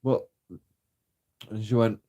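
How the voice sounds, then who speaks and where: A man's voice: fairly low pitch, flat delivery, slow, dark tone. A young man telling a story in a casual, sweary rant, often laughing and mocking. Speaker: vlogger. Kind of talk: casual ranting monologue.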